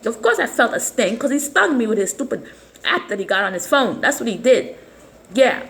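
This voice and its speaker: A woman's voice: on the high side, sing-song, fairly quick, creaky, a bit bright, slight background noise. A woman talking casually to camera in a rambling, agitated way, often stumbling and repeating herself. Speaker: vlogger. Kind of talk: casual vlog monologue.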